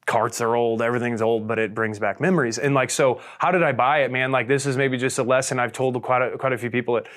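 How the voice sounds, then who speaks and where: A man's voice: medium pitch, steady tone, quick pace, hardly any pauses, fairly bright tone. Laid-back man from Missouri swapping stories. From St. Charles, Missouri, US. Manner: laid-back, swears freely, peppers speech with "dude" and "you know what I mean". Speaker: guest, business owner. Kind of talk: casual storytelling chat.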